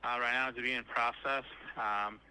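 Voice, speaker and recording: Flat, bright-voiced clerk man. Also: mid-range voice, measured pace, smooth, low-quality recording. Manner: matter-of-fact, hesitant fillers. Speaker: county clerk office worker. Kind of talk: phone call answering questions.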